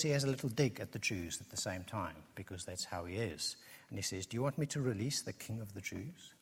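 A man with a medium-pitched, slightly breathy voice preaches an earnest expository sermon, driving his points home through emphatic repetition. The recording carries the long reverb of a large hall.

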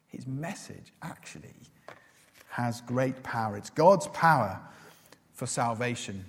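A man preaching in a large church hall, his slightly husky voice trailing off into a long reverb. He delivers his sermon earnestly, puts questions to the congregation and hesitates often with "uh". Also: mid-range voice, animated, slow pace, long pauses. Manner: earnest, asks the listeners questions, many "uh" fillers.

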